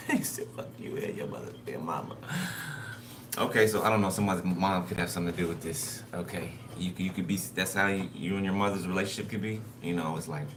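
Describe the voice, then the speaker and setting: A man's voice: deep voice, steady tone, fast talker. A man giving a casual spoken tarot reading, loose and conversational, who keeps checking in with his listeners. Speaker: tarot card reader. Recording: noisy recording.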